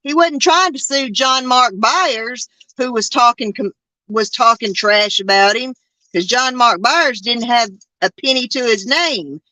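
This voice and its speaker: A woman's voice: on the high side, measured pace, pushed and bright, no echo. A woman, hosting a podcast in a casual chat that rambles and halts with many fillers and restarts. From Arkansas. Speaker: podcast host.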